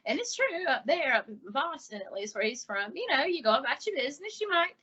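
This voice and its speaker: A woman's voice: high voice, very animated, fairly quick, dull audio, background noise. A woman from the American South with a Southern accent, a guest chatting casually and laughing easily. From Southern United States. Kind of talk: casual chat.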